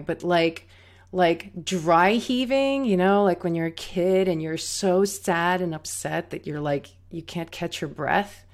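Brief: woman tango teacher, slow and lowish voice, candid and reflective storytelling. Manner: reflective, candid, many fillers and restarts. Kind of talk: personal storytelling monologue.

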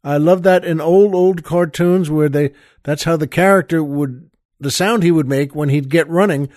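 A man's voice: on the high side, normal speed, darkish tone, no room sound, studio quality. An older man hosting a podcast, telling a joke in a rambling, chuckling way, with lots of fillers. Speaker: podcast host. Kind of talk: casual storytelling chat.

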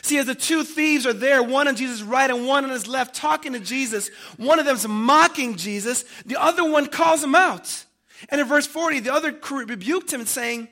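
Man, preacher, sermon, strikingly high pitch, dramatic shifts from loud to soft. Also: normal speed. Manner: dramatic, swings between loud emphasis and hushed tones; addresses listeners as family.

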